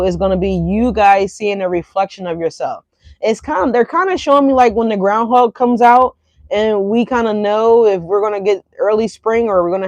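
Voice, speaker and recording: A woman's voice: mid-range voice, a little mellow, dry recording. Chatty woman hosting a casual tarot reading, mid-range voice, close and dry. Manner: chatty, tags lines with "right?" and "y'all". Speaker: tarot reader.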